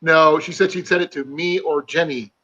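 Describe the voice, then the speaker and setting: A man's voice: fairly high pitch, steady tone, moderate pace, sharp tone, muffled recording. A man from Iowa joining a casual live-stream chat as a guest, chatty and rambling. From Iowa, USA.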